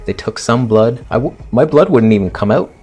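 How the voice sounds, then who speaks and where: A man's voice: medium pitch, lively intonation, a little fast, dark tone, breathy edge, faint music behind. A man in his thirties telling a personal story in a blunt, dramatic and self-mocking way, acting out his own reactions. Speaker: fitness influencer telling a story.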